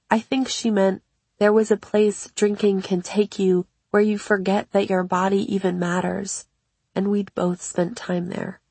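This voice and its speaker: Husky-voiced woman reading a memoir. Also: mid-range voice, darkish tone, no room sound. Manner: measured, reflective first-person reading. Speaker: memoir narrator. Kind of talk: scripted audiobook narration.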